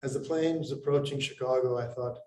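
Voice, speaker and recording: A man from India telling a personal story to an audience, unhurried with pauses and lively acted quotes. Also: medium pitch. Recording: roomy, distant mic, faint noise.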